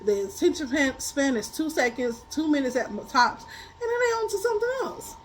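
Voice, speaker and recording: A woman tarot reader chatting casually about spiritual lessons, animated and blunt, laughing often as she tells stories. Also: high-pitched, moderate pace, slight background noise, low-quality recording. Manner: blunt, colloquial.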